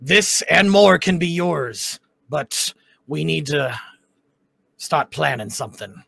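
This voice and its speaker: A man voicing a gruff, greedy male pirate captain who growls out a scheme. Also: fairly high pitch, animated, slow pace, fairly bright tone, no room sound, exaggerated voice. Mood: scheming.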